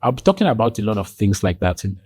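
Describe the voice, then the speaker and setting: Very animated and quick, a man's darkish, husky voice is heard on a dry recording. As a podcast guest he tells stories in conversation, impersonating each figure, with quoted lines marked by sudden high jumps in pitch.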